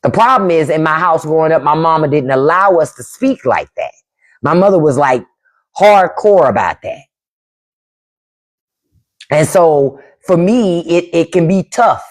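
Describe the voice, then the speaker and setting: A woman hosting a casual livestream chat with viewers, animated, laughing often and mimicking family speech. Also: sits low, a little slow, pauses often. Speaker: podcast host on a livestream.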